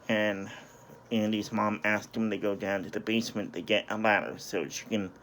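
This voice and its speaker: Guy with a lowish voice recapping an episode, keeps saying sorry and restarting. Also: slight background noise. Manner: hesitant, apologetic, many restarts. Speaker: video reviewer. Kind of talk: casual plot recap.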